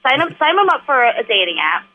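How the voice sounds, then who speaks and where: A woman with a Long Island accent, bantering and teasing loudly in a casual radio chat. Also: sits high, sing-song, quick pace, phone-quality sound. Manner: loud, laughing, teasing.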